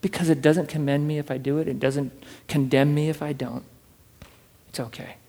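A man preaching a sermon from scripture, fervent, swinging between loud urging and hushed asides and repeating words as he builds a point. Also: a little high, little pitch movement, moderate pace, slightly rough, long reverb tail. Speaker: pastor.

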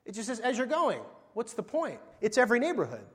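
A man's voice: extremely high pitch, wildly swooping pitch, a little fast. A middle-aged man preaching a sermon as pastor, in a conversational style full of rhetorical questions and swings in volume. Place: church sanctuary. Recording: long hall reverb.

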